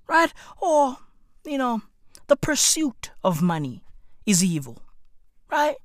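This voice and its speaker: A woman's voice: a little high, big pitch swings, slow pace, pauses often, dry recording, studio quality. A woman with a South African accent, ranting in profane comic commentary and swearing heavily. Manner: rants loudly with heavy swearing and slang. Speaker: comedic commentator.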